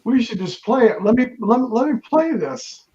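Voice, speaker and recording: A man's voice: very high voice, big pitch swings, moderate pace, a little mellow. A man hosting a casual livestream chat, easygoing and laughing along with his guest. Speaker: livestream host. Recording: dull lo-fi audio.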